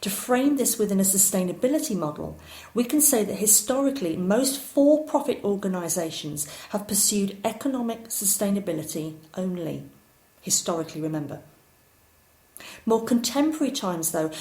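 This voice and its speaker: A woman giving a recorded course lecture, explaining ideas clearly and at times poking fun at herself. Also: mid-range voice, darkish tone. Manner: clear, explanatory, occasionally self-deprecating. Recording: roomy echo.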